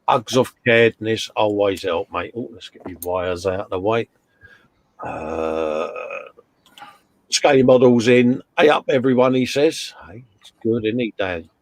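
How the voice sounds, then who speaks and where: Gravelly, matey man. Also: on the low side, a little slow, no echo. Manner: jokey, matey banter, calls everyone mate and fella. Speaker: co-host of a live modelling chat stream. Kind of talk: casual live-stream chat, reading out viewer comments.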